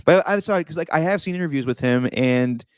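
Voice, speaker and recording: A man hosting a casual sports chat show, talking loosely, laughing easily and slipping into quick impressions of people he quotes. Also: fairly high pitch, smooth, dry recording. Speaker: podcast host.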